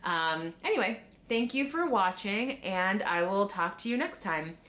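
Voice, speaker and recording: A woman's voice: mid-range voice, animated, measured pace, a bit bright. A woman vlogger recapping a drama episode in a casual, chatty way, often saying "like" and briefly acting out lines in quoted voices.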